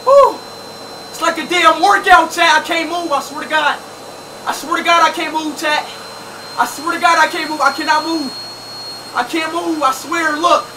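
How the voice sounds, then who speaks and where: A young man livestreaming to his chat, loud, panicky and pleading. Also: very high-pitched, steady tone, moderate pace. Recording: distant mic with clear background noise.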